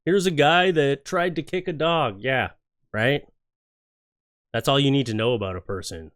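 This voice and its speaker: A man's voice: mid-range voice, normal speed, long pauses, a bit bright. A man hosting a clip-reaction show, ranting in a casual, sarcastic, jokey way. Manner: sarcastic, jokey rants with exaggerated acted quotes. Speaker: YouTube reaction host. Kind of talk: casual comedic commentary on clips.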